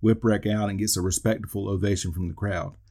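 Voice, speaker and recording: A low-pitched man with a dark, husky voice talks through a wrestling match move by move. He tosses in dry jokes and asides as he goes, in the steady manner of a podcast host. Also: brisk. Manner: dry asides and wisecracks between call-outs. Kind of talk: play-by-play recap of an old wrestling event.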